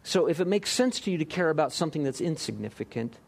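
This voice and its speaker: A man preaching a sermon, lively, acting out voices and joking with the congregation. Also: fairly high pitch, quick pace, creaky. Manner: lively, acts out quotes, jokes with the congregation. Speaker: pastor.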